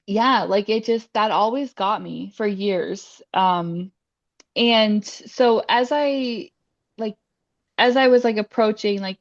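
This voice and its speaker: A woman's voice: mid-range voice, takes it slowly, dry recording. A young adult woman sharing her faith testimony in a casual interview, chatty and heartfelt, with lots of fillers. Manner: emotional, heartfelt. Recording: dry, slightly dull sound.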